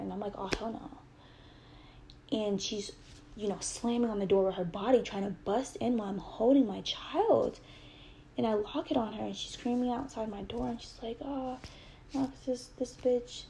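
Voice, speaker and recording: Brief: young woman, gravelly voice, earnest storytime, faint room hum. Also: medium pitch, fairly even intonation, fairly quick, warm tone. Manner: earnest, heated retelling with quoted dialogue. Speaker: mother telling a personal story. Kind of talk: emotional personal storytime.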